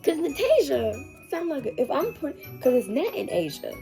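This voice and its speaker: A woman's voice: high-pitched, sing-song, normal speed, vocal fry, mellow, soft background music. A woman in her twenties reacting to a book in a casual reading vlog, swearing, laughing and shrieking as she reads. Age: 20s. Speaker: book reviewer.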